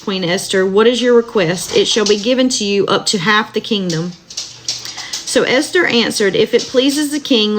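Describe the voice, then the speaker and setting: At home with dogs running about, a woman with a medium-pitched voice reads Bible passages slowly and tenderly on a live stream, pausing for warm chats with viewers. The recording is noisy.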